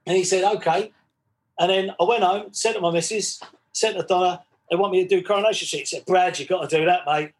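A man's voice: sits high, steady tone, fast talker. A man, chatting as a podcast guest and acting out both sides of old conversations. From England. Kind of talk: casual storytelling chat.

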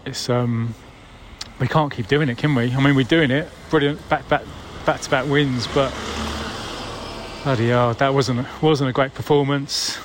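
A man of middle pitch talks through a casual voicemail in a loose, conversational way. He swears mildly and sounds wry. A faint hum sits behind his voice. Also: steady tone, unhurried. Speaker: caller leaving a voicemail.

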